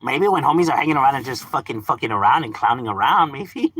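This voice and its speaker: A man's voice: medium pitch, very animated, fast, fairly bright tone, slightly rough, dry recording. A man streaming a game, ranting casually in profane street slang with mock exasperation and frequent laughter. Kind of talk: casual live-stream rant.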